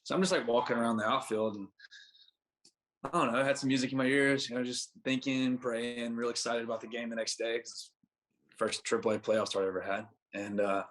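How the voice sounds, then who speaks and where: A man's voice: mid-range voice, steady tone, fairly quick, a bit bright. A young adult man, a guest on a podcast, telling a long story in a laid-back, rambling way full of "like" fillers. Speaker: podcast guest, baseball pitcher. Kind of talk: casual storytelling.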